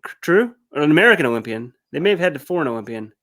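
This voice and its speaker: A man co-hosting a casual sports recap, talking in a lively, animated way. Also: on the high side, racing. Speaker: co-host.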